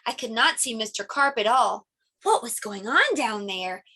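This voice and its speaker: A middle-aged woman preschool teacher reading a picture book aloud to young children, animated and playing sound effects. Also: fairly high pitch, moderate pace, husky.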